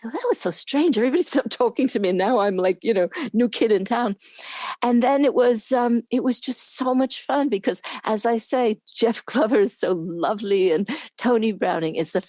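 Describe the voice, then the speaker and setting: A woman in her seventies from New York, an interview guest who tells stories in a casual, animated way, laughing often and playing out the voices of people she quotes. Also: a little high, moderate pace, no echo. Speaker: guest, former camera assistant.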